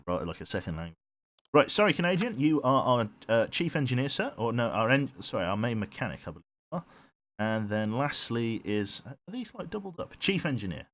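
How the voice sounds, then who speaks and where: Brisk and very animated, this man's mid-range, slightly bright voice carries his live commentary on a submarine game. He wanders from topic to topic, hums while choosing his crew, and reads viewers' chat aloud.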